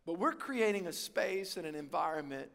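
A man's voice: fairly high pitch, expressive, moderate pace, creaky, fairly bright tone, long reverb tail. A pastor preaching a sermon to his congregation, full of call-and-response and repeated words as he builds to key points. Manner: repeats words and restarts phrases, stretches key words. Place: large church auditorium.

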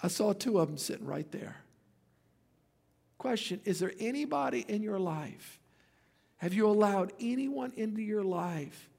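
A man in his fifties preaching in a church, his voice pitched high for a man. He tells stories with energy and throws joking asides to the congregation. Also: animated, moderate pace, gravelly. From Louisiana. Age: 50s. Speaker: pastor. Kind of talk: sermon.

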